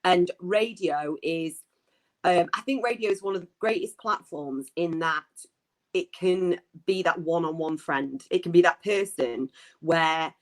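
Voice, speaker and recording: A woman sports broadcaster as a podcast guest, telling stories in a bubbly, animated way and laughing often. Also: on the low side, unhurried, rough recording. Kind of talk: casual interview chat.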